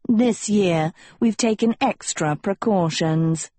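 A woman's voice: medium pitch, slow, dark tone, no room sound. A woman voicing a stern, officious male teacher in an audiobook, speaking in a formal, warning tone.

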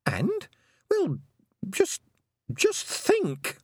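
Stubborn girl witch, pushy and loud, high voice swinging all over, a guy doing her. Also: huge pitch swings, drawn-out words, dry recording, clean studio sound, full character voice. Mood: indignant. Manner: emphatic, high-pitched and insistent.

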